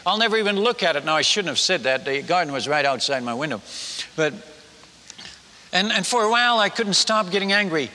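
A man preaching a storytelling sermon as a missionary, halting and self-mocking, often stumbling and repeating his words. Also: a little high, sharp tone, long reverb tail.

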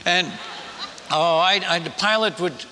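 A man spins a folksy, animated missionary yarn for a church crowd. His voice is bright and piercing, pitched slightly high, and it rings out with the long echo of a large hall. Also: unhurried, slight background noise. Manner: folksy, animated storyteller, chuckles at his own tales. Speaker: missionary speaker. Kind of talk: humorous story told to a congregation.

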